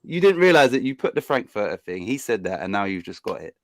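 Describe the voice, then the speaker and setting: A man's voice: lowish voice, sing-song, fast, no room sound. A man hosting a casual livestream, teasing and bossing his guest with lots of fillers. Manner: teasing, bossy banter with frequent fillers. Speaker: channel host.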